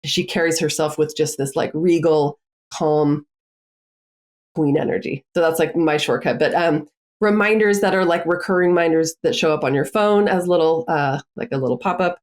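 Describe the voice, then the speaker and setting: A woman's voice: low-pitched, moderate pace. A woman who works as a coach, chatting casually as a podcast guest, with frequent filler words and easy laughter. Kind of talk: casual conversational interview.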